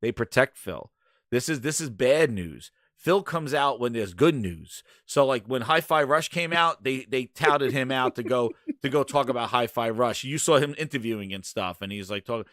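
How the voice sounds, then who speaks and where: A man hosting a gaming podcast, ranting in profane, animated casual chat. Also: medium pitch, moderate pace, dry recording, clean studio sound. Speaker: podcast host.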